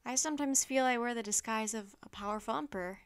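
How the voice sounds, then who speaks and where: Woman reading as a calm, wise old emperor. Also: fairly high pitch, quick pace, clean tone, natural voice. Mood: stately. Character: wise calm Roman emperor, older man.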